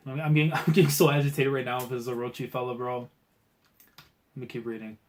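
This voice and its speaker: A man hosting a live reaction to a comic chapter. He reads it aloud and talks in a casual, slangy way that swings from low muttering to loud outbursts. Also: fast talker. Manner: excitable, swings from muttering to shouting; casual slangy talk, keeps saying bro. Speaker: manga reaction channel host.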